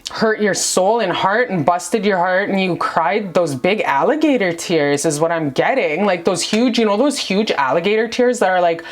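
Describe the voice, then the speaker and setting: A woman's voice: lowish voice, lively intonation, normal speed, few pauses. Gushing woman giving a tarot reading. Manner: gushing, rambling and affectionate, calling the viewer baby. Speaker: tarot reader. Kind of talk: casual tarot reading to camera. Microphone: camera mic.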